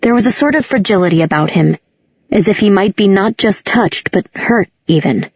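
A woman narrating a novel aloud as an audiobook narrator, in a measured, even reading. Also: medium pitch, slightly rough, no room sound. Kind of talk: scripted narration. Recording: dull lo-fi audiobook recording.

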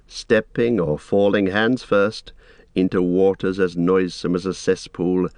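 A male narrator reads a fantasy novel aloud in a measured, steady manner. His voice sits low. The recording is dry and close, with no room sound. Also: dry recording. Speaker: audiobook narrator. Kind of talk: scripted fantasy audiobook narration.

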